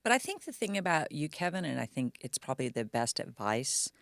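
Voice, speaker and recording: A woman co-hosting a casual podcast, playful and gushing, with a gravelly edge to her voice. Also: very deep voice, sing-song, a little fast, dry recording, clean studio sound. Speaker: podcast co-host.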